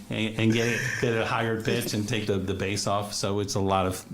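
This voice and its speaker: An actor and casting director shares lively anecdotes in a casual interview, laughing often. His voice sits on the low side at a moderate pace. A loud crowd can be heard, and the setting is a radio studio or a streamed call.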